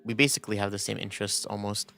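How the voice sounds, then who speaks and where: A man's voice: lowish voice, level tone, quick pace, vocal fry, sharp tone, faint music behind. A young man streaming and chatting casually, rambling with lots of restarts and quoted asides. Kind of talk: casual chat.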